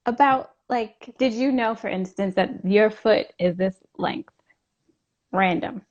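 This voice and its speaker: A woman hosts a casual interview over a video call. Her voice sits at an ordinary middle pitch, and her talk is loose and chatty, full of fillers and asides. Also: slow, a little mellow, dull audio. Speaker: host.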